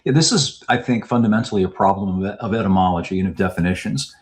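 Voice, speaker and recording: A man speaking as a podcast guest, laying out his points in a measured, explanatory way. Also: sits low. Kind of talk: podcast interview.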